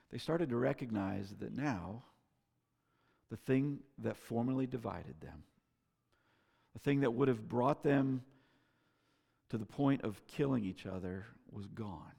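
A man preaching a sermon as pastor, telling a story in an earnest way that swings between loud and soft. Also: medium pitch, gravelly. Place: church sanctuary. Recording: long reverb of a hall.

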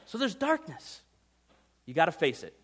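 A man preaching a sermon conversationally, asking his listeners questions and swinging between loud emphasis and hushed intensity. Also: fairly high pitch, huge pitch swings, normal speed, breathy edge. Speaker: pastor.

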